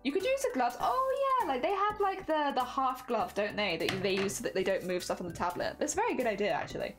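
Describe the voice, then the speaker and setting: A woman's voice: on the high side, sing-song, fast talker, over music. A young British woman streaming while she crafts, chatting casually and self-deprecatingly with her viewers, often sighing "oh dear".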